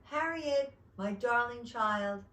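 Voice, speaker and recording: A woman voicing a patient mother of a pesky little girl, scolding in a gentle, sing-song way. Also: mid-range voice, a little slow, reverberant, recorded from a distance, natural voice. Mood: exasperated.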